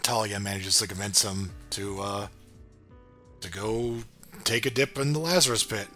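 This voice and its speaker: Bright-voiced man, laid-back podcast chat. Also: fairly low pitch, normal speed, soft background music. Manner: laid-back, agreeable, chuckles often, hesitant fillers. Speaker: podcast co-host reviewing a cartoon series. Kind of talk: casual chat.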